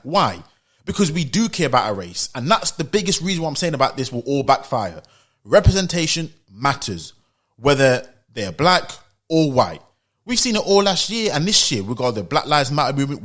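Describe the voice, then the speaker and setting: A slightly high, somewhat bright male voice belongs to an opinion vlogger from the UK. In his commentary monologue, the British man presses his views insistently and emphatically, leaning on repetition and rhetorical questions to drive each point home.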